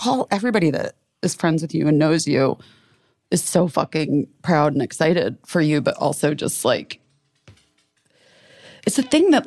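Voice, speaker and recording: A woman with a lowish voice co-hosts a podcast, her pitch swinging widely as she talks. She speaks slowly, rambling and emotional as she searches for words, recorded dry and close with no room sound. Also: gravelly, no echo. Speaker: podcast co-host. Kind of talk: casual podcast chat.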